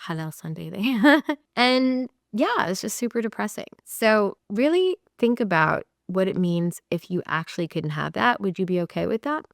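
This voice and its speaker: A woman's voice: mid-range voice, expressive, normal speed, creaky, hardly any pauses, no room sound, studio quality. A woman marriage coach giving casual, direct advice to camera in a chatty way, often acting out the voices of the people she describes.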